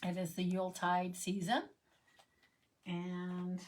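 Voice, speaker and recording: A woman's voice: fairly low pitch, slow pace, long pauses, a little hiss or hum. A woman hosting a card-making livestream, chatting casually and humming to herself as she stamps and colours. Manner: chatty, rambling, hums and sings to herself while working. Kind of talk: casual crafting livestream chat.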